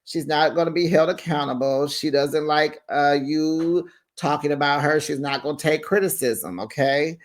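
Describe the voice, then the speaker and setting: A man hosting a reality TV recap in a sassy, animated gossip style, calling people baby and honey. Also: fairly high pitch, moderate pace. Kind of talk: casual recap commentary.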